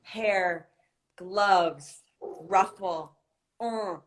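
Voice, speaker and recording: A woman guest on a live stream over her phone, chatting in a wry, joking way and telling lively stories. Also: on the low side, very slow. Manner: wry, joking, animated storyteller. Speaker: actress and guest. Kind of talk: casual chat.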